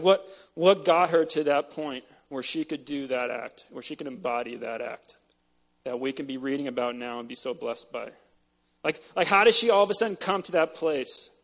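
Man, preacher, high voice, impassioned sermon, emotional, repeats words. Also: creaky. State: choked up with emotion. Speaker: pastor.

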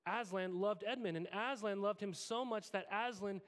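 A man's voice: high-pitched, normal speed, a bit bright. A man in his thirties preaching a sermon as pastor, conversational and self-deprecating, acting out quoted lines.

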